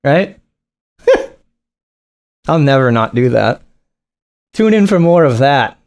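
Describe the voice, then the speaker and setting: A man's voice: medium pitch, very animated, slow pace, a little mellow. A man doing profane, mocking reaction commentary over a video. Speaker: reaction streamer.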